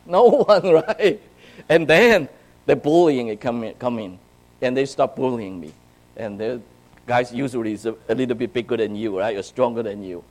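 Animated man telling a youth sermon. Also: medium pitch, normal speed, poor audio. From China. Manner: animated storytelling, swings between hushed and loud; checks in with "right?" and "okay?". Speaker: youth speaker. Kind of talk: sermon to young people.

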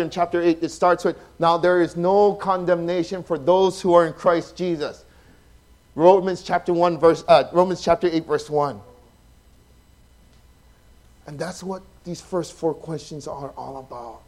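A pastor, preaching a sermon that swings from loud, emphatic passages to soft, hushed ones. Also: male voice, fairly high pitch, steady tone, normal speed. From Hawaii.

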